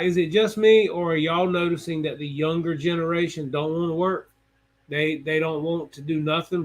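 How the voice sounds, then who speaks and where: A middle-aged man hosting a live hobby stream, telling a story in a plainspoken, folksy way and turning to his viewers with asides. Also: on the high side. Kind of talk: casual storytelling chat.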